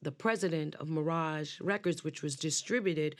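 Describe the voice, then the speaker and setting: Chatty, animated woman telling stories. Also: sits low, moderate pace. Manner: lively, chatty, acts out the people in her stories. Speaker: guest singer. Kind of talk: storytelling in a podcast interview. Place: podcast studio.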